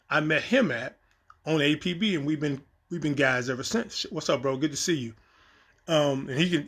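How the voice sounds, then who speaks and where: A man recounts a story in a casual, animated way, voicing the people he talks about. His voice sits a touch high and has a gravelly edge. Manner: animated, acts out quoted exchanges. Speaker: storyteller recounting a set experience.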